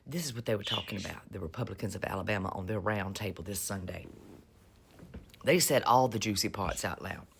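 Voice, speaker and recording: A woman's voice: very deep voice, fairly quick, gravelly, slight background noise. A woman giving casual, sarcastic political commentary in a mocking, drawling manner. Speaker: vlogger.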